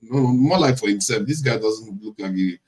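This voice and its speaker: Relaxed male host reacting to clips. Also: fairly low pitch, normal speed, poor audio. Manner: laughing, relaxed commentary on clips. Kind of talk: casual reaction chat.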